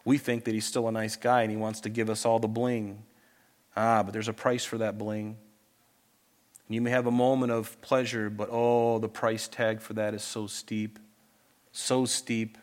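A man preaching a sermon to a congregation in church, earnest and pleading, swinging between loud urging and soft asides. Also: lowish voice, level tone, moderate pace. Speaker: pastor.

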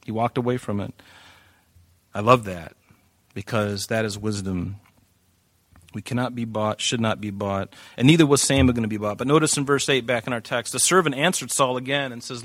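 A man preaching a sermon as a pastor, animated and conversational with playful asides. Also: mid-range voice, a little fast, no room sound.

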